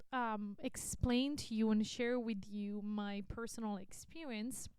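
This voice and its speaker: A woman in her thirties hosts a solo podcast in a candid, self-reflective way, often repeating a word to drive it home. Her voice sits a little high and sounds very clean and crisp. The recording is dry, with no room echo. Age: 30s. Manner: frank and self-reflective, swears casually, repeats herself for emphasis. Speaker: podcast host. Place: at her desk with a computer.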